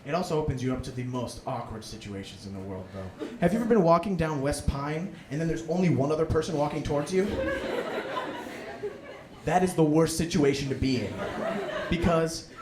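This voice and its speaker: A young man, a student, doing a self-deprecating stand-up comedy set and jumping into excited inner voices, in front of a laughing audience. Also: on the high side, brisk. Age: young adult. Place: live comedy room with audience. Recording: echoey room with background noise.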